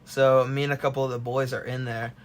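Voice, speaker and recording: A man's voice: medium pitch, flat delivery, quick pace. A young man co-hosting a podcast, chatting casually and laid-back as he recalls a night in the dorms. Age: young adult. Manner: laid-back, prompting questions. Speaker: podcast co-host. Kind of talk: casual chat.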